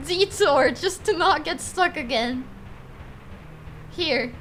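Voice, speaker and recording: A woman streams a horror game with playful, joking commentary and talks to her chat. Her voice is high and bright, and she speaks at an unhurried pace. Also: animated, a little hiss or hum. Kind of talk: casual gameplay commentary.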